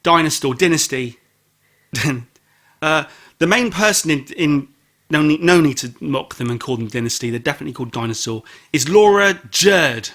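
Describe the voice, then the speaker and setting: A man co-hosting a casual album review podcast, teasing and rambling, with sudden loud exclamations. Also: mid-range voice, brisk. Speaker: podcast co-host.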